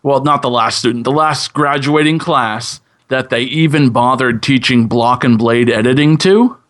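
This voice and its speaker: A man, a podcast host on as a guest, explaining in a measured, casual way. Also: medium pitch, a bit bright.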